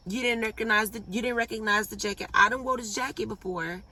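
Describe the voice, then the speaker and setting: Bright-voiced young woman telling a blunt storytime. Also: fairly high pitch, fast, far from the mic. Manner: animated, blunt and profane, laughs at her own story. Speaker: vlogger. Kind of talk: casual storytime.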